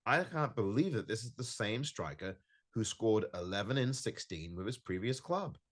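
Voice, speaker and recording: A man with a low voice hosts his own football podcast from home. He sounds frustrated and emphatic, hammering points by repeating them. His pitch rises and falls widely as he talks. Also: animated, moderate pace. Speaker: podcast host. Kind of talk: solo podcast match review. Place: home recording in California.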